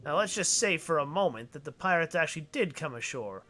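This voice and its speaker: A man's voice: a little high, expressive, brisk, pushed and bright, faint music behind, voice pushed up. A man voicing a gossipy, skeptical male villager from a video game.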